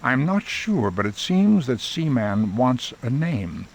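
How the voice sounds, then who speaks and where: A man as the narrator of a video game, explaining events in a calm, measured way. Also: medium pitch, gravelly, slight background noise, exaggerated voice.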